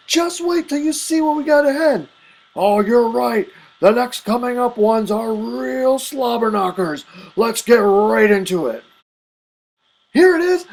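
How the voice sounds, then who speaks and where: Hammy man announcing league playoffs. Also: rough recording. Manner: exaggerated, swings between low and high pitch. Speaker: fantasy league playoff show host. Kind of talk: hammy mock wrestling-style announcing.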